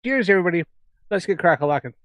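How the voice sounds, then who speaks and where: A man's voice: high-pitched, expressive, racing, no room sound. A man from Alberta, Canada, with a Canadian accent, rambling in casual chat while hosting a livestream. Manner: rambling, chatty. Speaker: livestream host.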